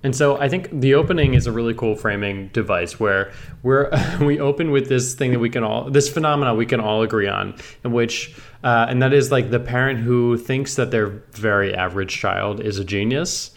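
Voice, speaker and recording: A man's voice: medium pitch, moderate pace, hardly any pauses. A man co-hosting a casual podcast, thoughtful and analytical, hedging with fillers. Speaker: podcast co-host.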